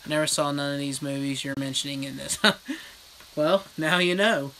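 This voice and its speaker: A horror vlogger reads live chat during a casual livestream rant, bluntly retelling a film with lots of swearing and animated energy. The voice is mid-range at a moderate pace, on poor audio with a little hiss or hum.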